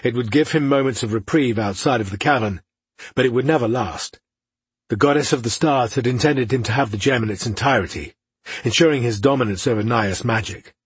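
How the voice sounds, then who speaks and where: A man reads a fantasy novel aloud in a measured, even manner. His voice is very husky and sits at a medium pitch. The recording is dry and close, with no room sound. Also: no echo. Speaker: audiobook narrator. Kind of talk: scripted fantasy narration.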